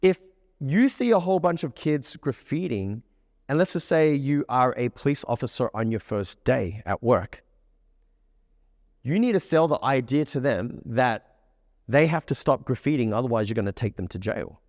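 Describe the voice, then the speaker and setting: A man coaching a live group of students, keeping the session energetic and often checking that the room follows him. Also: mid-range voice, normal speed, dry recording, clean studio sound, in a large hall. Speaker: dating coach. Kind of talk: live workshop teaching to a group. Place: room with a live audience, on stage.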